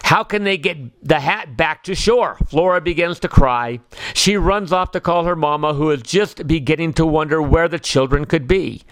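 A man narrating a children's storybook in a calm, expressive reading style. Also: on the high side, normal speed, clean tone, no room sound.

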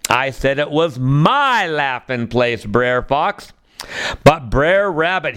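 A man telling a storybook in a folksy, easygoing dialect. His voice sits fairly high and sounds smooth and resonant. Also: a bit bright. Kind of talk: storybook narration.

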